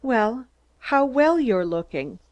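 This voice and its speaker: A woman doing a stubborn young woman who loves to tease, her voice riding high and bright. The lines come in a lilting, playful storybook reading. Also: sing-song, slow pace. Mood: teasing. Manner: teasing, lilting.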